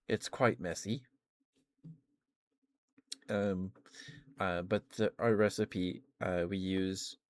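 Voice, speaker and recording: A hoarse young man chatting casually on a stream, rambling with lots of fillers. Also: deep voice, no echo. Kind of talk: casual chat.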